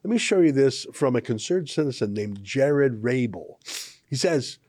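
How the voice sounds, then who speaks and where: Male commentary host from Canada, sarcastic and mocking, animated pitch, dry close sound. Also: normal speed, dry recording. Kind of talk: opinion commentary monologue.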